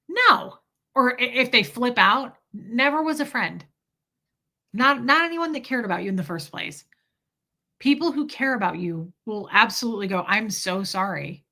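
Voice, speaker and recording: A woman's voice: fairly high pitch, animated, normal speed, pushed and bright. A woman hosting a casual livestream, chatting candidly and reacting to viewer comments and super chats.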